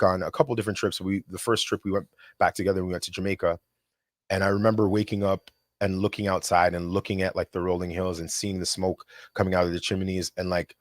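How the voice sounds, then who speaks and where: A man's voice: low voice, no echo, studio quality. A young adult man, a filmmaker guest, talking reflectively and animatedly in a casual conversation. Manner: reflective, animated storyteller with quick impressions.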